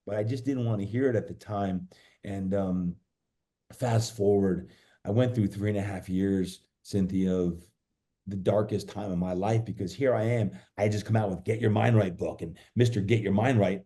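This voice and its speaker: A man's voice: lowish voice, steady tone, normal speed, mellow. A man as a podcast guest, recounting a hard personal stretch in an earnest, reflective way, with many fillers and restarts. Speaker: podcast guest, fitness coach. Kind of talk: personal storytelling in conversation.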